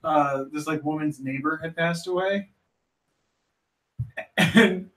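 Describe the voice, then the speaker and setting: A man's voice: a little high, takes it slowly, a bit bright. A man co-hosting a casual podcast, making teasing remarks and telling anecdotes. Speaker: podcast co-host.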